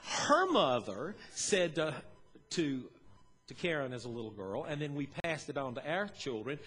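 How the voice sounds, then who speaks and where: Middle-aged male pastor, folksy sermon storyteller, slightly high voice, long church reverb. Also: very animated, a little slow, fairly bright tone, breathy edge, soft background music. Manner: folksy, storytelling, chuckles often. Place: church sanctuary.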